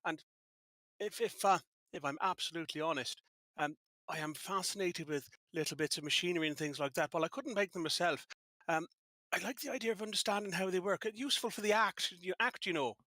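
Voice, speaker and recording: A man's voice: high voice, a little fast, sharp tone, no room sound, studio quality. A man voicing a chatty Irish stage magician from Dublin, rambling in a folksy, lilting way. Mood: cheerful.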